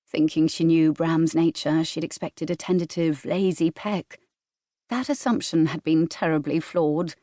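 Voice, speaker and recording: A woman narrating a romance novel in a smooth, measured storytelling voice, recorded close in a studio. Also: on the low side, mellow, no room sound. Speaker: audiobook narrator. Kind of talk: scripted narration. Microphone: studio microphone, close.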